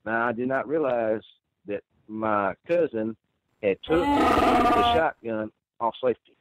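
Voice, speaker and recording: A man's voice: mid-range voice, lively intonation, a little slow, a little hiss or hum. A man telling a first-person story, rambling and earnest with many restarts. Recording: tinny phone line.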